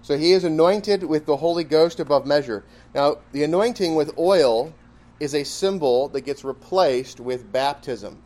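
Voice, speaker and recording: Male Bible teacher, slightly higher voice, casual and emphatic, rhetorical questions. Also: normal speed, darkish tone. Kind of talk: classroom Bible lesson.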